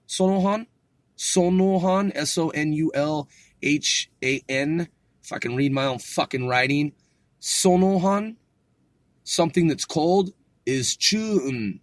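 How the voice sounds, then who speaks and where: Laid-back guy reading out vocab notes, slow and loose, cussing and joking, dry close mic. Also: mid-range voice, no room sound. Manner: relaxed, swears, jokes, sounds out words from his own notes. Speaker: self-taught learner teaching vocabulary. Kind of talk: casual solo study podcast.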